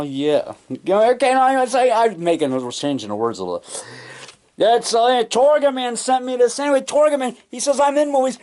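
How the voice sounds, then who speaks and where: A man rambling excitedly in a casual home vlog, full of restarts and trailing thoughts, recorded on a camcorder in his basement. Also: extremely high pitch, moderate pace. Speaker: low-budget monster moviemaker. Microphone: camcorder mic.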